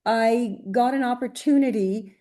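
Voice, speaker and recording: A woman's voice: a little high, a little slow, mellow. A middle-aged woman from Greece, a voice actress telling stories in a casual interview, chatty with many restarts and fillers. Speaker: guest, voice actress.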